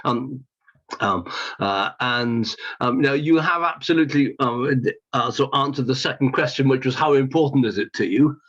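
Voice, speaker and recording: A man hosting a casual interview, speaking hesitantly and clearing his throat, with many pauses and restarts. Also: medium pitch, a bit bright. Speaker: podcast host. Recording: dull lo-fi sound.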